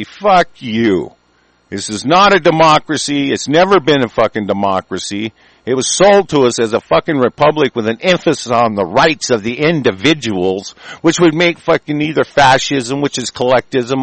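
A man hosting his own show, delivering an angry, profane rant. He breaks into shouted bursts and stumbles through halting restarts. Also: lowish voice, creaky, no room sound. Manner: halting, many ums and restarts. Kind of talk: profane ranting commentary.

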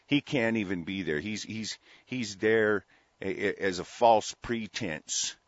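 A man hosting a talk show, delivering an angry, profane political rant in a heated, forceful way. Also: lowish voice, slow, no room sound. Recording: dull, dry lo-fi sound.

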